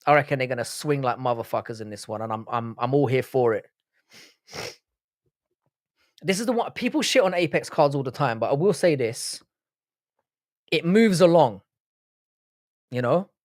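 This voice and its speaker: Man, young adult, live-stream host, casual banter, swears a lot, mid-pitched voice, dry close sound. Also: expressive, brisk, no echo. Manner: swearing, bantering, rambling with restarts. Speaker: livestream host. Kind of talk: casual live-stream chat, reacting to comments.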